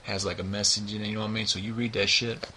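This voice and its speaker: A man's voice: on the low side, flat delivery, racing, very noisy. A man giving a rambling, profane book review, peppering nearly every line with "you know what I mean.".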